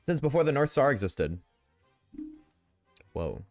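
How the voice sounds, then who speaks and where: A man's voice: fairly low pitch, animated, a little fast, no echo, faint music behind. Profane joking young male streamer. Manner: profane, joking, talks back to chat. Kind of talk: casual gaming livestream chat.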